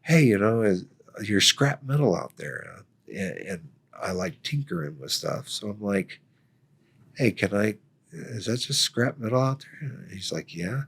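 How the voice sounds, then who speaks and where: A deep-voiced man with a gravelly rasp in his low register tells a story. He jumps between himself and the others in it, playing out their dialogue with laughter breaking in. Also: unhurried. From Florida, United States. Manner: animated storyteller acting out quoted dialogue, laughs often. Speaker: guest, Army veteran. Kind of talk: casual storytelling.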